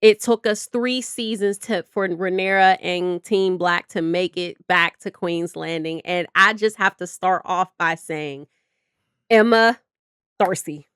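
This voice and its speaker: A woman co-hosting a reaction show, talking excitedly and casually about a TV episode, swearing now and then. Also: fairly low pitch, a little slow, clean tone, no echo, studio quality. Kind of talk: casual chat reviewing a TV episode.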